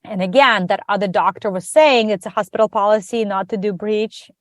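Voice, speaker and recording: Woman guest recounting a personal story, lively and chatty, medium pitch, dry close sound. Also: a little fast, no echo. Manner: animated, acts out quoted dialogue. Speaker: podcast guest. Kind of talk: conversational storytelling.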